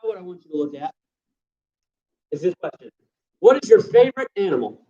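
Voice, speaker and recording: A woman's voice: lowish voice, very animated, fairly quick, warm tone, dull audio. A woman teacher leading young children through a lesson, patiently prompting and repeating her questions. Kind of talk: classroom instruction to young children.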